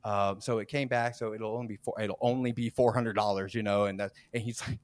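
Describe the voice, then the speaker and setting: A man's voice: fairly low pitch, fast, hardly any pauses, no room sound. A man in his forties, a podcast host, telling a workplace story in casual chat, acting out quotes, laughing as he goes and often restarting his sentences. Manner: animated, acts out quotes, laughs mid-story, frequent restarts.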